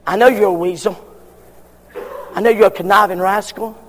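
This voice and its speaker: A man voicing God in a sermon, speaking in a hushed, slow way. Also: high-pitched, fairly even intonation, long reverb tail, slight background noise. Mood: tender. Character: God speaking tenderly to a sinner.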